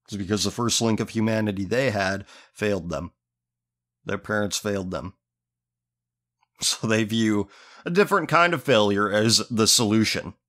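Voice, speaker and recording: A man's voice: lowish voice, normal speed, pauses often, a bit bright. A man hosting a show, reading out a listener's letter and ranting over it in a sneering, profane, contemptuous way. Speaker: host.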